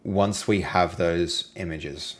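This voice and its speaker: An Australian man hosting a live game-development stream, chatting casually and playfully with viewers and sometimes trailing off into low mutters as he reads and works. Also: steady tone, slow. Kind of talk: casual live-stream chat while coding.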